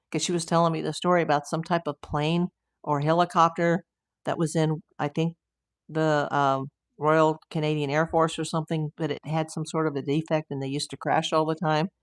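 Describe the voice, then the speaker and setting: Older American woman host, low-voiced, rambling, chatty livestream reads, close and dry. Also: level tone, a little fast, no echo. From United States. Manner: chatty, rambling with asides and fillers. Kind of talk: casual livestream chat reading viewer comments.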